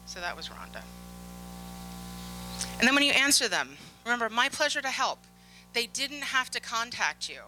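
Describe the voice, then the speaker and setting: A woman giving a conference keynote, telling work stories in a lively way, acting out the dialogue and laughing often. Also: a little high, normal speed, pauses often, faint music behind, poor audio. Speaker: conference speaker on security. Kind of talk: keynote storytelling. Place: conference stage.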